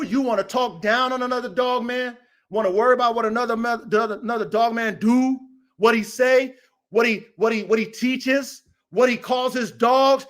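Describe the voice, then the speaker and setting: With a very high, slightly bright voice at a moderate pace, the man rants on his livestream podcast. He's a dog breeder as well as host, and he speaks bluntly and profanely, getting fired up and repeating himself into a live stream mic.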